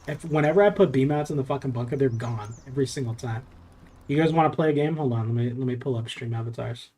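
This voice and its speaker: Talking fast with a warm, mid-range voice, this young man from Southern California streams a game and rambles casually. His live-stream chatter while playing is loose and full of profanity.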